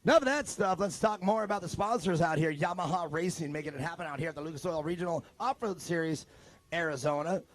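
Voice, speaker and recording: A race track announcer from California talks in a high, bright-pitched voice, rambling and cracking jokes between calls. The sound is close and dry, with little room around it. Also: male voice, fast, no echo. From Modesto, California. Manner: joking, rambling banter. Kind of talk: live race commentary.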